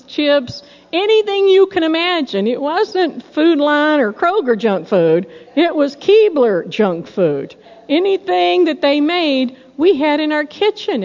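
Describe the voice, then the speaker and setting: Animated woman preaching in a hall. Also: sits high, measured pace. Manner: storytelling, folksy, animated. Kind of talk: sermon with personal stories. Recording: dull sound in a reverberant hall.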